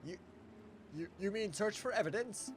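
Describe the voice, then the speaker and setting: A man's voice: high-pitched, moderate pace, soft background music, natural voice. A man voicing a dignified male lawyer in a detective game, dry and formal.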